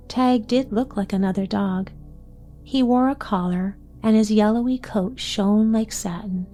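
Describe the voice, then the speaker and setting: A woman reading a chapter book aloud in a calm, gentle bedtime story reading. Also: medium pitch, measured pace, soft background music.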